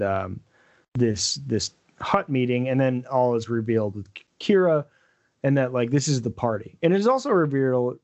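A man co-hosting a podcast, rambling in casual chat with lots of fillers. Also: medium pitch. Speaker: podcast co-host.

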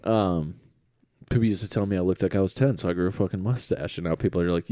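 A man's voice: deep voice, fairly even intonation, fast talker, warm tone, dry recording, clean studio sound. A young man chatting casually on a podcast, crude and self-deprecating. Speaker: podcast co-host. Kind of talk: casual chat.

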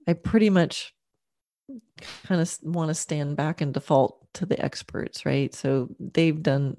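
A woman's voice: deep voice, mellow, dry recording, studio quality. A middle-aged woman telling a personal story in an earnest, reflective way, often checking in with "right?" and "you know". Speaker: horse owner sharing a personal story. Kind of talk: casual storytelling monologue.

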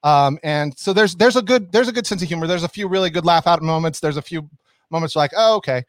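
A man with a slightly higher voice chats casually as a podcast co-host. He rambles and restarts his sentences often. The sound is dry and close to the mic. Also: fast, dry recording. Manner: rambling, many restarts and fillers. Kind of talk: casual chat.

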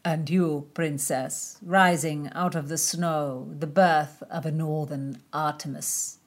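A woman voicing a smooth, flattering male diplomat in close to her own voice. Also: low voice, takes it slowly. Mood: suave. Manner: suave, flattering.

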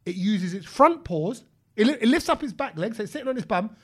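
A man tells an animated story on a podcast, acting out what people said. His voice sits high for a man and he talks quickly, jumping between asides. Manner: animated, acts out quotes, says "bruv" often. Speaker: podcast co-host. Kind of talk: casual chat, storytelling.

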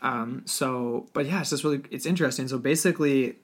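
Very deep-voiced woman co-host. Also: fairly quick, breathy edge. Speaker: podcast co-host. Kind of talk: casual chat.

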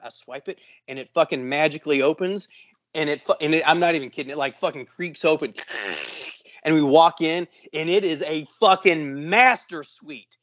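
Guy co-hosting a podcast, swears every other word, acts out the quotes, kinda high voice, dry dull sound. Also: normal speed, dry recording. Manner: profane, animated, acts out quotes. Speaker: podcast co-host. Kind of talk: casual storytelling chat.

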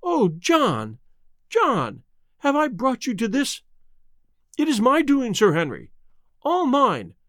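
Man doing a pleading housekeeper woman, audiobook; pitched up, dry recording. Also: huge pitch swings, slow, long pauses, a bit bright, no room sound, exaggerated voice. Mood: distraught. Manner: pleading, urgent. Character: anxious, distraught middle-aged housekeeper woman.

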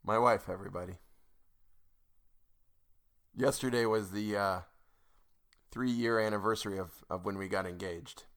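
A man's voice: fairly low pitch, steady tone, a little slow, long pauses, fairly bright tone. A man reading a book aloud at home, breaking off to rant in exasperation at the author's punctuation and to tell stories. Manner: exasperated grammar ranting at the author. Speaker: audiobook narrator. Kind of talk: audiobook reading with ranting asides. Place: home recording setup.

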